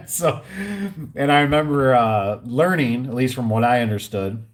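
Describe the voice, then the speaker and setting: A man's voice: mid-range voice, normal speed. A man who installs garage doors, ranting casually in a vlog and acting out both sides of his phone calls. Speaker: garage door and gate installer.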